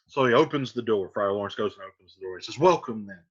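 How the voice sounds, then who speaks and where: A man's voice: on the low side, fast, fairly bright tone, slightly rough. A man teaching a play, casually paraphrasing scenes with "he's like.". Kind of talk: explaining a play to students. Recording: dull lo-fi recording.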